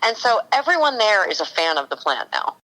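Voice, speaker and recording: Bright-voiced woman, enthusiastic storyteller. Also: medium pitch, very animated, fairly quick, poor audio. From California. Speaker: cannabis consultant for a TV series. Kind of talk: casual podcast interview.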